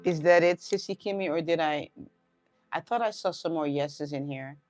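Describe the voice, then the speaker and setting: A woman hosts a live stream in a relaxed, chatty way and keeps asking "all right?" as she goes. Her voice sits in the middle range and is recorded dry and close. Faint music plays behind her. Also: low voice, dry recording. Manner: laughs often, checks in with "all right?"; slow, dreamy voice when describing visions. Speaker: host and sound healer. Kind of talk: casual live-stream chat.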